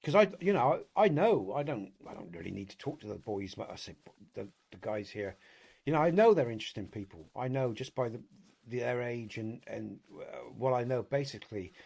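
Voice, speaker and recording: A British man with a mid-range, creaky, slightly rough yet somewhat mellow voice chats loosely with his live audience while playing a hunting game, at normal speed with lively intonation. He rambles, circles back, swears casually, and says "you know" constantly, like the easygoing host of a regular stream.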